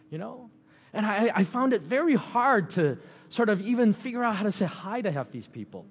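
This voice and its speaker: A middle-aged man gives a sermon in a relaxed, chatty way, often adding fillers and small chuckles. His voice sits high. The sound carries a long reverb, as in a large hall. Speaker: pastor.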